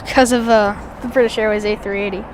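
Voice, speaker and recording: A woman's voice: mid-range voice, fairly even intonation, quick pace, noisy background. A woman outdoors at an airport giving chatty, enthusiastic live plane-spotting commentary, rambling with restarts.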